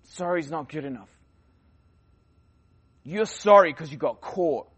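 A man giving a conversational sermon at a youth conference, rambling with restarts and fillers and swinging between loud emphasis and quiet asides. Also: on the high side, animated, unhurried, husky.

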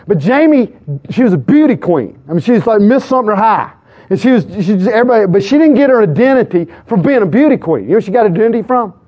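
Male pastor, sermon storyteller, slightly high voice, animated delivery with loud and hushed turns, dull dry recording. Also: fast talker. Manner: animated, shifts between loud exclamations and hushed asides.

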